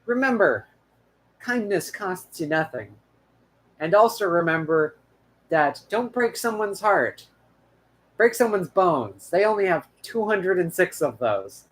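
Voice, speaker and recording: A young man with a high-pitched voice chats loosely to close out his channel's episode. He rambles, restarts his sentences and fills the gaps with ums and uhs. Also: sing-song, measured pace, a bit bright. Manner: rambling, full of restarts and fillers. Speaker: channel host. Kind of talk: casual outro chat.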